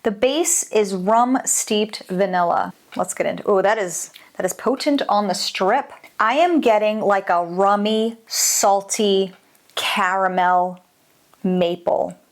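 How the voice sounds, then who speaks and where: A woman's voice: medium pitch, slow. A woman in her adult years giving a casual, enthusiastic product review as a candle maker, exclaiming often as she talks.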